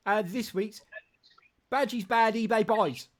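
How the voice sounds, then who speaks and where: A man's voice: high-pitched, unhurried. A man hosting a casual football live stream, rambling and jokey with frequent restarts. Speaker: football show host.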